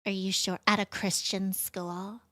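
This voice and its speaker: A young woman imitating her prim, disapproving churchgoing godmother in a hushed, scandalized tone. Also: medium pitch, level tone, unhurried, no echo, voice pushed down, lightly acted.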